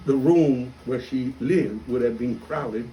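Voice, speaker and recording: An Italian-accented priest tells a story with lively, self-mocking energy and acts out each side of the conversation. His voice sits at an ordinary middle pitch for a man. A faint hum of room ambience sits behind him. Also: slow, dull audio. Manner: animated, self-mocking storyteller who acts out quoted dialogue. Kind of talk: storytelling talk.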